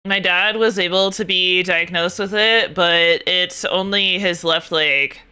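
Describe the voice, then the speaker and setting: Young woman streamer venting, super bright voice, swears a lot, chatty. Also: on the low side, a little slow, clear, resonant tone. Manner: animated, swearing, exasperated ranting. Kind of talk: casual chat.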